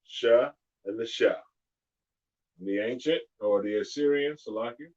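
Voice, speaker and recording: A man teaching a live-streamed alphabet lesson, patiently repeating each sound slowly and clearly. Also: mid-range voice, a little mellow, highs cut off. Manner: slow, drawn-out pronunciation drills.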